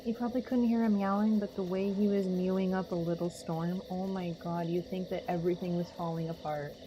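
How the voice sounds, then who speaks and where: A woman's voice: lowish voice, level tone, a little fast, warm tone, a little hiss or hum. A young woman livestreaming a game, chatting casually with a sarcastic, playful and teasing manner. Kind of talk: casual gaming livestream chat.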